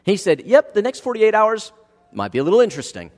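A man with a slightly high voice delivers a sermon in a church sanctuary, his words trailing off into a long hall reverb. He shifts between quiet, drawn-out lines and loud, driving peaks as he preaches. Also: wildly swooping pitch. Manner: dynamic preaching, swings from hushed to loud. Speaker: pastor.

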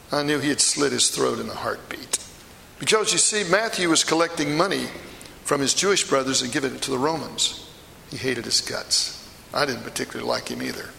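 Guy doing peter the apostle, blunt fisherman type, gravelly bright voice, big echoey church. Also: fairly high pitch, slight background noise, exaggerated voice. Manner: storytelling, emphatic, confiding asides. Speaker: preacher performing a first-person monologue. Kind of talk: dramatic monologue sermon. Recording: echoey hall with long reverb.

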